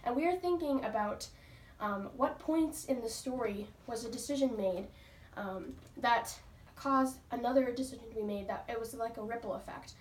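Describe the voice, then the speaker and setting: Teacher reading aloud from far off. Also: female voice, a little high, moderate pace, slight background noise. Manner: patient, questioning pupils. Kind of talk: reading a book aloud to a class. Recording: roomy, from far off.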